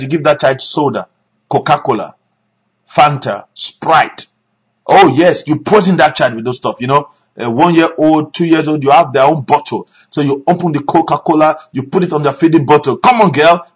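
A male pastor preaching a sermon, animated, with sudden shouts and hushed asides. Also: fairly high pitch, moderate pace, breathy edge, highs cut off.

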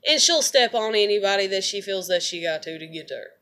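A woman's voice: medium pitch, animated, brisk, a bit bright. A woman vents in a blunt, profane, rambling monologue, often repeating words as she talks to her viewers. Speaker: vlogger. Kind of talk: casual venting monologue to camera.

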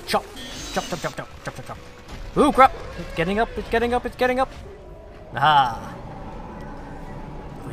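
A man's voice: a little high, a bit bright, slight background noise. A British man giving sarcastic, profane let's play commentary and taunting the enemies on screen.

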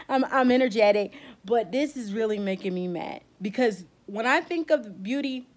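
A woman's voice: medium pitch, lively intonation, normal speed. Fired-up woman ranting, close to tears. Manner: fired-up, emotional and blunt, with casual slang. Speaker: beauty vlogger. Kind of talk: heated vlog rant.

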